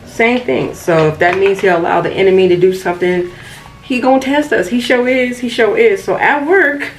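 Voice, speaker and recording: A young woman vlogging casually while doing her makeup, telling a story in a chatty, animated way with laughs and asides. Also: mid-range voice, moderate pace, soft background music, rough recording. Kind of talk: casual get-ready-with-me storytime.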